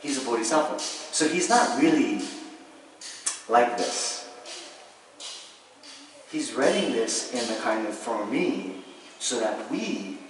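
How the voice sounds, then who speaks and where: A man's voice: mid-range voice, lively intonation. Man teaching in an echoey hall. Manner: conversational, checks in often with "right?" and "you understand?"; acts out ordinary views in quick asides, laughs lightly. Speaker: Buddhist teacher. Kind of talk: dharma teaching to a class. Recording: echoey hall, distant, faint hiss.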